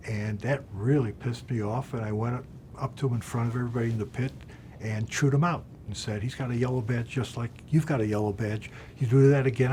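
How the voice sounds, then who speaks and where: A man's voice: medium pitch, dark tone, a little hiss or hum. An older man recounting his years as a floor trader and governor in an oral history interview, speaking bluntly with frequent fillers.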